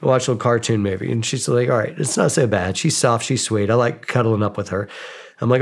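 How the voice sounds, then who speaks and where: A man's voice: mid-range voice, a little fast. A man in his forties, a podcast guest, casually telling self-mocking stories and acting out both sides of the exchanges. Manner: animated, self-mocking, acts out quoted exchanges. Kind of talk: casual storytelling interview.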